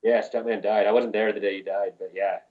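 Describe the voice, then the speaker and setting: A man's voice: on the low side, little pitch movement, fairly quick, phone-quality sound. A man from New Mexico who works on film crews, telling profane, rambling anecdotes in a casual interview. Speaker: film crew lighting technician, guest.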